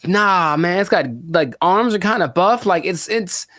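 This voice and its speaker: High-pitched young man, joking podcast co-host, rambling chat, dry close sound. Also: unhurried, a bit bright, dry recording. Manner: rambling, joking, trailing off and restarting. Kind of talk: casual chat.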